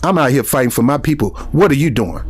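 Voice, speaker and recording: A man's voice: mid-range voice, animated, fast. A man hosting a political commentary, fervent and preachy, often restarting and repeating himself. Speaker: commentary host.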